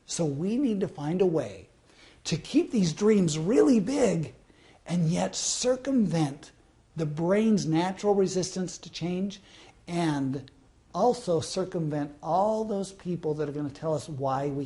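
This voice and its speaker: A man's voice: a little high, expressive, a little slow, warm tone. Socal guy in his 50s doing a motivational talk, tells stories, keeps asking you questions. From Southern California. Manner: storytelling with rhetorical questions to the listener. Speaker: motivational speaker. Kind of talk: motivational self-help talk.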